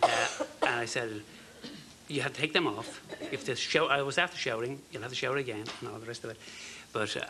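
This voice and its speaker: Irish guy in his 50s, gravelly bright voice, earnest halting story, some bits near whispered. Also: mid-range voice, slight background noise. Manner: earnest, halting, with fillers and soft dropped phrases. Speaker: guest. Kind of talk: personal storytelling.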